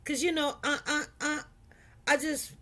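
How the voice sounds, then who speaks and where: A woman's voice: high-pitched, fairly even intonation, a little slow, fairly bright tone. A middle-aged woman with a Chicago accent chatting casually to her livestream viewers, repeating herself and talking straight to the audience. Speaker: livestream host.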